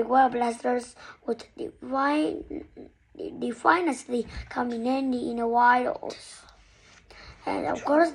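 A woman reading a children's storybook aloud in an expressive, lively way. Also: high voice, gravelly, a little hiss or hum, rough recording. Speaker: storybook reader.

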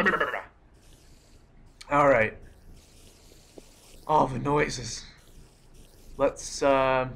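A young let's play gamer with a mid-range voice gives excitable live commentary while playing a game, cursing often and breaking into startled outbursts.

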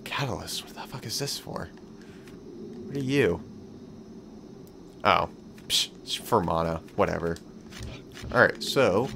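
A young man talks through his video game as he plays, excitable and swearing freely. His pitch swings widely as he mutters and cheers to himself. A faint background noise sits under the recording. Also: measured pace, gravelly, pauses often. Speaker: gameplay commentator. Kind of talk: let's play commentary.

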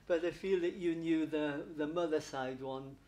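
This man, a medium at a spiritualist church, delivers a platform reading full of warm chatter, frequent laughter, and "darling" for his listeners. He speaks at a measured pace in a fairly high, steady, slightly mellow voice.

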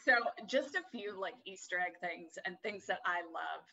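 A woman's voice: fairly low pitch, normal speed, vocal fry, background noise. A young adult woman co-hosting a podcast, chatting casually and swearing freely as she rants. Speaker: podcast co-host. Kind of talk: casual chat.

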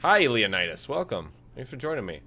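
A young man with a medium-pitched voice talks briskly while streaming a game. He keeps it relaxed and casual, reading viewer chat aloud and dropping in frequent fillers.

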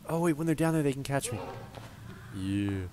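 A man's voice: mid-range voice, expressive, moderate pace, darkish tone, slight background noise. A man giving casual let's play commentary on a headset, thinking aloud and chatting to the characters on screen. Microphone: gaming headset.

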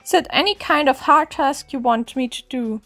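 A woman voicing a bold, eager young male servant who brags and gives brisk orders in a storybook reading. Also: high-pitched, a bit bright, soft background music. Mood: boastful. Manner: brisk, boastful, commanding.

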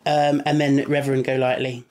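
A man's voice: medium pitch, little pitch movement, fairly quick, darkish tone. Chatty young man telling stories. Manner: chatty storyteller, laughs easily. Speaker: podcast co-host. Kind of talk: casual chat reviewing an episode.

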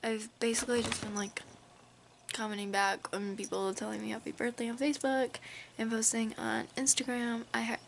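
Young woman, high voice, drowsy casual vlog, cusses a lot, faint room hiss. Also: little pitch movement, fairly quick, creaky. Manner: tired, swears freely, coos baby talk at her cat. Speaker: vlogger. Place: at home with her cat.

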